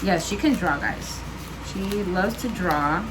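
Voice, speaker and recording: A woman's voice: lowish voice, expressive, a little slow, noisy background. A woman chatting casually on her home vlog, answering questions with lots of fillers and laughs. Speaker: vlogger. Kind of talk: casual chat.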